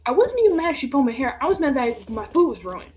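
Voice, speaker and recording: A young woman streamer with a high voice talks fast as she tells stories in casual chat. She's animated and laughing, swears freely, and acts out what people said.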